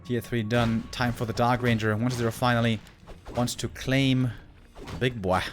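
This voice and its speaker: A man's voice: mid-range voice, little pitch movement, normal speed, soft background music. A man giving live commentary on a strategy game match, chatty, exclaiming at big plays and drifting into casual asides to viewers. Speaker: esports caster.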